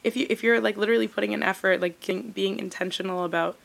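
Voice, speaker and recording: A woman's voice: mid-range voice, steady tone, quick pace, vocal fry. A young woman co-hosting a podcast, rambling effusively with lots of fillers in casual chat. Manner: rambling, heavy use of "like", effusive. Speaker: podcast co-host.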